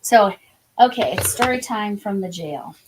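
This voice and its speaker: A woman's voice: mid-range voice, expressive, background noise. Chatty woman hosting a crochet stream. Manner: chatty, laughing often, drawn-out phrases. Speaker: crochet vlog host. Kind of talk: casual livestream chat.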